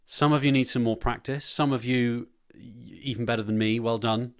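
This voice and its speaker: A man guiding a choir through a posture and movement warm-up, making rambling jokes. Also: medium pitch, steady tone, moderate pace, clean tone. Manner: joking, rambling instructions. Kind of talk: guided body warm-up instruction.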